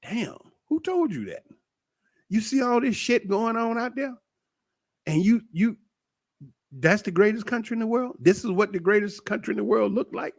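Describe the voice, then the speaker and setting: A middle-aged man with holds forth in a loose, preachy monologue. His fairly high voice swings widely up and down as he swears freely and speaks without pause. The recording is dry and close, with no room sound. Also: expressive, gravelly, no echo. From United States. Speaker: commentator. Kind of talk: casual monologue.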